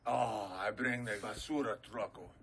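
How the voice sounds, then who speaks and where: A man's voice: on the low side, steady tone, normal speed, fairly bright tone, slight background noise. A man playing a menacing male gang lord who speaks broken English sprinkled with Spanish words, in a comedy sketch. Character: stern male goat-milking gang lord.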